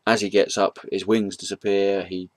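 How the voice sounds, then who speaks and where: A man's voice: sits low, level tone, normal speed. A man casually retelling a comic book's story for a review, hesitant and rambling, with many ums and chuckles at the jokes.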